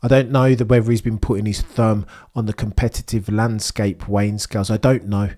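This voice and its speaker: A man's voice: fairly low pitch, flat delivery, fairly quick, warm tone. Indignant male motorsport commentator. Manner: indignant, theatrical, addresses people directly. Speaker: F1 news host. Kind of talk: opinionated commentary on a clip.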